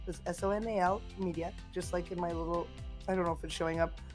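A woman in her thirties, a comedian guest chatting casually on a podcast and acting out the voices of people she quotes in lively stories. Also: fairly low pitch, quick pace, soft background music. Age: 30s.

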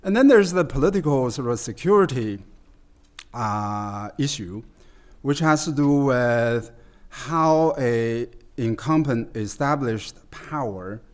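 A man as guest expert, explaining at length in a conversational interview, halting with many fillers and restarts. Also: medium pitch, lively intonation.

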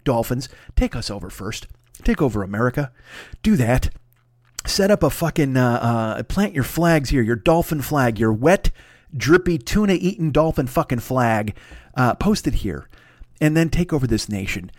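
Fast-talking, foul-mouthed podcast host. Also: male voice, mid-range voice, expressive, no room sound, clean studio sound. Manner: profane, rambling, self-deprecating. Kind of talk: casual comedic rant.

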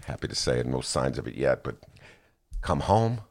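A low, gravelly man hosts a talk show. He spins a rambling comic story, and his deep voice swoops up into excited high bursts. His delivery is loose and casual. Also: moderate pace. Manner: animated storyteller, jumps into excited high-pitched asides. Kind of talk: casual comedic monologue.

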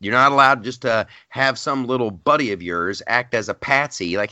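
A man co-hosting a podcast, talking politics in a heated, exasperated way and mimicking others in quick asides. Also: medium pitch, pushed and bright, dry recording, highs cut off. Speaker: podcast co-host. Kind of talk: casual political chat.

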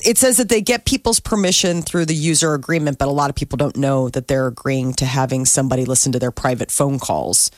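A woman's voice: extremely low pitch, fast talker, few pauses, dry recording. A woman who reads the news on a morning radio show and then chats freely with her co-hosts. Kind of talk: casual morning radio chat.

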